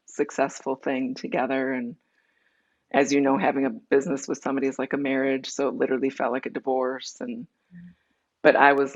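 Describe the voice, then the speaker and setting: A woman's voice: very deep voice, highs cut off. A woman being interviewed, telling her personal story candidly and acting out the dialogue as she goes. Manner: candid, tells her story in quick runs with acted-out dialogue. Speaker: interview guest.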